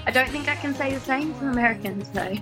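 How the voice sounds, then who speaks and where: A woman's voice: high voice, fast, music in the background. An Australian woman singer-songwriter chatting in an interview, telling stories in a bubbly, enthusiastic way. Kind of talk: casual interview chat. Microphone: phone guest line.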